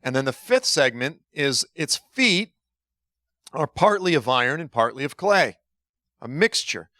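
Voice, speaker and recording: A man's voice: a little high, unhurried, dry recording, studio quality. A middle-aged man preaching a conversational sermon, telling stories with acted-out dialogue and laughing at himself. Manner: animated storytelling, acts out dialogue, laughs at himself.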